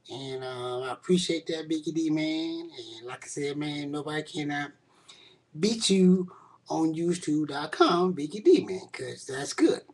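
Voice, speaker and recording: A man speaks in an unhurried, drawn-out way as he records a casual video reply into his webcam microphone. He repeats his praise again and again and keeps ending lines with "man," which gives the message a loose, rambling feel. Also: fairly high pitch, darkish tone. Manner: effusive, repetitive praise, often ending phrases with "man". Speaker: video blogger.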